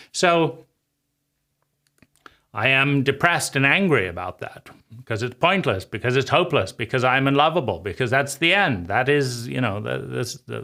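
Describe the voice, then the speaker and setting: Male host, bright mid-pitched voice, reflective monologue, repetitive and emphatic, prone to halting restarts. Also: creaky. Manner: repetitive, emphatic phrasing, speaking as a child's inner voice. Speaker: channel host. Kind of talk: reflective personal-growth monologue.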